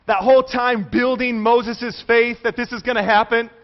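Male preacher, high voice, acts out the characters in his sermon; muffled lo-fi sound. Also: moderate pace. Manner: animated storytelling, acting out quoted voices. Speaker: pastor.

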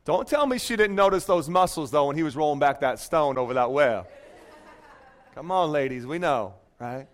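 A man's voice: on the high side, normal speed. A man preaching a sermon in a church, telling a story with jokes and playful asides to the congregation. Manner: joking, animated storytelling. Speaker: pastor.

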